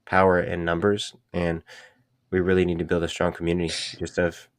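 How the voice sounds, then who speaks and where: A man co-hosting a podcast in casual, jokey chat, often halting mid-sentence. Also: deep voice, monotone, no echo, clean studio sound. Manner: jokey, laughs easily, halting. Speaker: podcast co-host.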